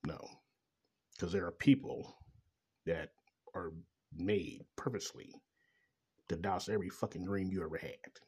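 A middle-aged man with a very low, husky voice rants in a rambling personal monologue. His talk is bitter and laced with profanity. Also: darkish tone. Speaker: father venting about child support.

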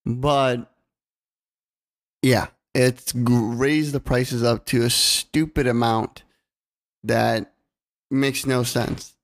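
A man co-hosts a podcast in a relaxed, rambling way. He fills gaps with ums and likes, and he swears casually. His voice sits at an ordinary middle pitch. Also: drawn-out words, long pauses. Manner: laid-back, swears freely, lots of fillers. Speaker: podcast co-host. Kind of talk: casual chat. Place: California home recording.

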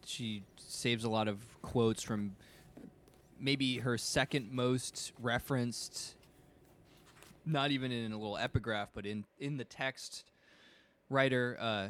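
A man's voice: medium pitch, slow pace. A laid-back man on a video call discussing a novel, often searching for the right word. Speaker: book club member.

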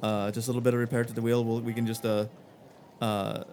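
A man's voice: medium pitch, monotone, darkish tone, slight background noise, natural voice. A man voicing a blunt male dwarf blacksmith, speaking matter-of-factly with many fillers. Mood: businesslike. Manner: matter-of-fact, halting with fillers.

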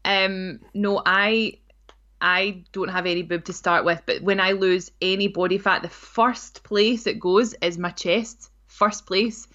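A Scottish woman chats casually as a podcast co-host, tossing in playful asides and giggles. Her voice sits at a middling pitch, and the recording sounds a little dull and lo-fi. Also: fairly even intonation, measured pace, fairly bright tone. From Scotland. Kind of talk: casual chat.

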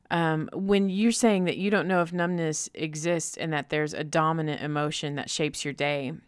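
A woman host with a low, smooth and resonant voice shares her thoughts in a relaxed conversation. She strings repeated words into quick lists. The sound is dry and close to the mic. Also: no echo. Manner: reflective, rapid repeated lists. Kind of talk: conversational podcast talk.

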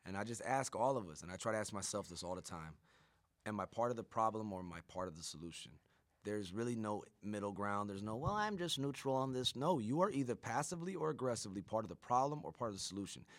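A man's voice: on the low side, fast talker, no echo. A man hosting a podcast, talking bluntly and profanely in a preachy pep-talk manner. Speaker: podcast host. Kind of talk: casual podcast chat.

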